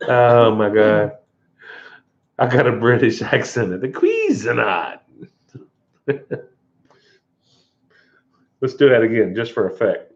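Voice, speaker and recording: A man's voice: fairly low pitch, steady tone, a little slow, long pauses, muffled recording. A man hosting a casual live stream, rambling and folksy with frequent chuckles. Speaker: outdoor channel host.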